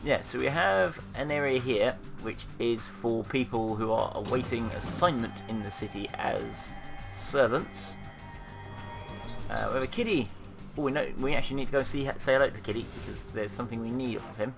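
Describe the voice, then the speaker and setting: A man's voice: mid-range voice, moderate pace, vocal fry, over music. A man casually commenting on a game he is playing, chatty and wry, with many ums. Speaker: let's play commentator.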